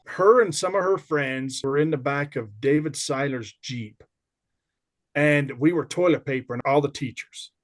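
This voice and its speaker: Animated man in his fifties telling stories. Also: a little high, a little slow. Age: 50s. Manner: animated, laughing anecdotes. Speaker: podcast guest. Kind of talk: casual storytelling chat.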